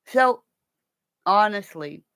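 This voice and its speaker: Uma mulher com sotaque canadense numa transmissão ao vivo, falando deitada num celular, rindo e xingando, pulando de assunto em assunto. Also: female voice, mid-range voice, lively intonation, slow pace, a bit bright, clean tone, no echo. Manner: giggly, swearing, jumps between topics and laughs often. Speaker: livestream host. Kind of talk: rambling livestream chat. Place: home, lying down. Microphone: phone held while lying down.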